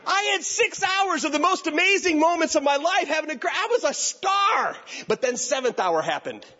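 High lively guy, pastor telling a funny story, slightly husky, lo-fi dull sound. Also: a little fast. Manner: animated, acts out every voice. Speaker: youth pastor and speaker. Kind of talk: comic storytelling talk. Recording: dull lo-fi recording.

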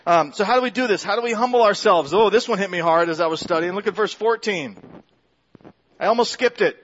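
A man preaches to his church in an easy, conversational way, often restarting his sentences and poking fun at himself. His voice sits high for a man. The recording sounds somewhat dull and lo-fi. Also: fairly quick, a bit bright, slight background noise. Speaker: pastor. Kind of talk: sermon. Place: church sanctuary.

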